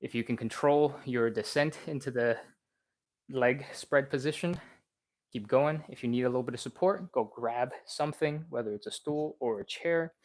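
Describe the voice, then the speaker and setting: A man leading a live stretching session, chatty and encouraging, talking fast and a little out of breath. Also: mid-range voice. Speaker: stretching instructor. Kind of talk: live-streamed workout coaching.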